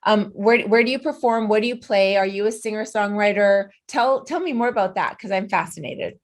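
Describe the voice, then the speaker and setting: A woman's voice: mid-range voice, a little fast. A woman hosting an interview podcast, introducing her guest and asking questions in an enthusiastic, upbeat way. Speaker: podcast host.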